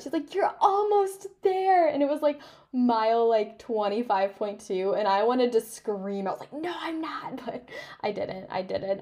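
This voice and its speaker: Bubbly young woman telling a story. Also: on the high side. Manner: animated, emotional, heavy use of "like" and "literally". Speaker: podcast host. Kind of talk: casual storytelling recap.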